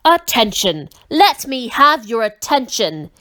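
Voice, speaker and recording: A woman voicing a blustering male king who makes loud, formal proclamations. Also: fairly high pitch, animated, takes it slowly, heavily acted. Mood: grand.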